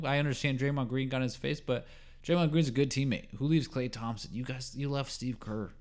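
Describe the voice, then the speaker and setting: Talking fairly quickly, a man runs a solo sports podcast full of opinions, rambling with lots of fillers and restarts. When he gets worked up, his pitch and volume climb.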